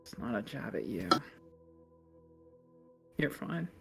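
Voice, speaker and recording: A man as a player in a tabletop role-play, speaking as his character in a moody, low-key way. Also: big pitch swings, slow pace, creaky, over loud music.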